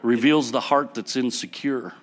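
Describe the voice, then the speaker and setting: A man preaching a sermon to his church, building up to loud passionate peaks and then dropping to quiet, soft passages. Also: medium pitch, normal speed. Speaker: pastor.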